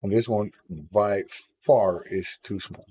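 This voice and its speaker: A man with a sore, husky throat, chatting casually with viewers on a live stream while he draws, self-deprecating about his work. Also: fairly low pitch, fairly even intonation, takes it slowly, dark tone, rough recording.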